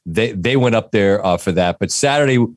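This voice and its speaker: A man co-hosting a casual sports podcast, telling a family anecdote in a relaxed way. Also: on the low side, normal speed, no room sound, studio quality. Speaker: podcast co-host.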